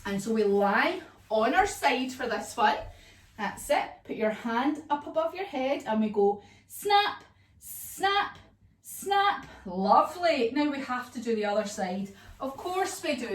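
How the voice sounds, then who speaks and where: A woman teaching a children's yoga class as a story, animated and sing-song with playful sound effects. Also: on the high side, normal speed. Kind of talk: storytelling kids' yoga lesson. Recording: echoey room, voice from far off.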